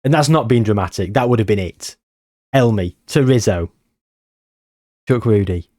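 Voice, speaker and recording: A man giving excitable, nervous live commentary on a game he is playing. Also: on the low side, normal speed. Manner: excitable, nervous, reacting loudly to match moments. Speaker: gaming channel host.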